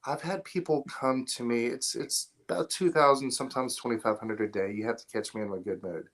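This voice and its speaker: Here the film installer from the Atlanta area sounds medium-pitched, brisk and a bit bright. As a podcast guest he chats casually, bluntly and with plenty of swearing, wandering from story to story.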